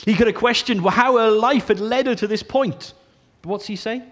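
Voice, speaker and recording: A man preaching a sermon, earnest, often dropping to a soft hush on key phrases. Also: high-pitched, moderate pace.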